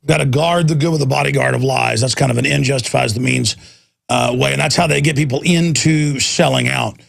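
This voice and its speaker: A man's voice: medium pitch, brisk, vocal fry, a bit bright. A man hosting a talk radio show, ranting intensely in a combative political monologue.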